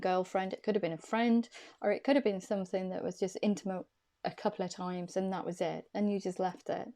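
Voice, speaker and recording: Speaking to camera with a dark-toned, medium-pitched voice, a woman does an intuitive tarot reading. She's chatty and reassuring, repeats phrases for emphasis, and keeps her encouragement soothing.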